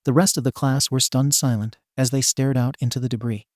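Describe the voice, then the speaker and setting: A man's voice: mid-range voice, steady tone, brisk, a little mellow, no room sound, studio quality. A man reading a comedic fan story aloud in a wry, tongue-in-cheek narrating voice.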